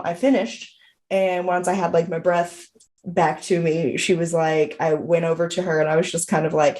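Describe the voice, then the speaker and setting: Animated young woman telling a story. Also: lowish voice, echoey room. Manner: animated, rambling, acts out quotes in a raised voice. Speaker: podcast co-host. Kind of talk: casual storytelling chat.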